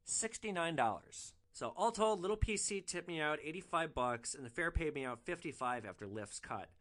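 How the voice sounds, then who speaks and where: A man hosting a storytelling podcast, animated and excitable, swearing casually as he recounts his stories. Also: a little high, normal speed. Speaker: podcast host, rideshare driver.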